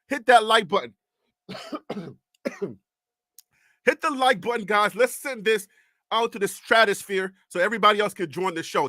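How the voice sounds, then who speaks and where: A middle-aged man with a Liberian accent hosts a live stream loudly, hyped and shouting names from the chat, often out of breath. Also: sits high, dry recording, studio quality. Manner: loud, shouty, hyped, talks to chat by name. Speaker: live show host.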